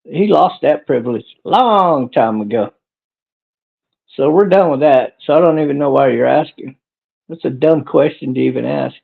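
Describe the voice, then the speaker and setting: Rambling, crude streamer guy with a gravelly voice over lo-fi phone-quality sound. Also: fairly high pitch, moderate pace. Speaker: livestream podcast host. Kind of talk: rambling livestream chat answering viewers. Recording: tinny phone-like audio.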